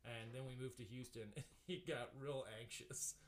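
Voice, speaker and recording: A man talking loosely on a podcast, his sentences full of "like" and false starts. His voice sits at an ordinary middle pitch, easygoing and conversational, as if recorded in a home apartment. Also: fairly even intonation, normal speed. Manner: rambling, full of "like" and restarts. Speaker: podcast guest. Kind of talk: casual podcast chat.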